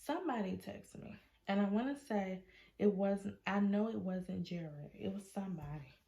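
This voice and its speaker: A woman, talking in an animated, sassy way as she retells an argument. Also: medium pitch, moderate pace, creaky. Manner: animated, acts out quotes in a sassy tone. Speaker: storytime vlogger. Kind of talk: casual storytime vlog.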